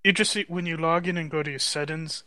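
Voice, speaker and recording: A man's voice: fairly high pitch, steady tone, quick pace, sharp tone. A man on a casual tech podcast who jokes and explains things plainly.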